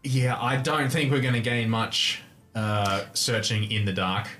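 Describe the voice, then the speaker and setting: Measured man playing a tabletop game. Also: medium pitch, bright, forceful tone. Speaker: player. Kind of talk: casual tabletop play.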